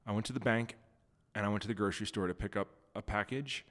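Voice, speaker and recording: Brief: man, lower voice, podcast host, teasing and playful, long reverb. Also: fairly even intonation, quick pace, fairly bright tone. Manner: teasing, sets up playful hypotheticals. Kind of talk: casual chat.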